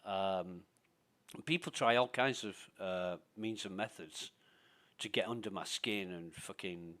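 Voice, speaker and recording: A man's voice: sits low, unhurried, pushed and bright. Blunt swearing man venting. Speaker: streamer. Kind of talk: casual gaming chat.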